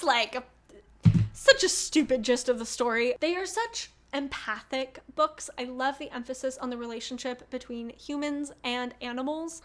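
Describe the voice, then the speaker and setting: A young woman in her twenties chatting casually as a book vlogger, gushing and animated, laughing often and swearing freely. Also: high-pitched. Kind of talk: casual book review chat.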